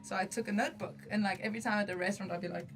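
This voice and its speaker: A South African woman, the singer of a band, chatting on a podcast in a quick, laughing storytelling manner. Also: medium pitch, steady tone. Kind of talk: casual podcast chat.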